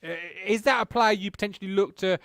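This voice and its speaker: A man's voice: sits high, quick pace, a bit bright, dry recording, studio quality. A man hosting a fan football show, teasing callers and swearing casually. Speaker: host.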